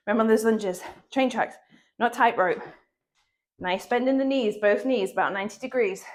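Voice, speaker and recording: A woman with a cold, a slight cough audible, guides a dumbbell workout as a fitness instructor. Speaking at a moderate pace in a slightly high voice, she counts upbeat and laughs often.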